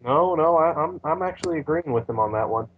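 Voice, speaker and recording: A man co-hosting a casual wrestling recap podcast, rambling and halting, trying accents that fall flat. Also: on the high side, narrow, tinny audio, slight background noise. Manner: rambling, halting, tries bad accent impressions. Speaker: podcast co-host.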